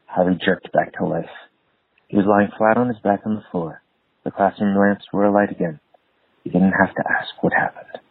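A man reading a novel aloud in a steady storytelling way, heard over a tinny phone line. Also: sits low, a little fast, husky, no echo. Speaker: reader.

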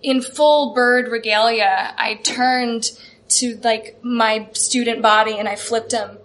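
A young woman telling a funny personal story to a live audience, chatty and self-deprecating, her talk peppered with "like". Her voice sits a little high and sounds bright and crisp. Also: steady tone, slow pace.

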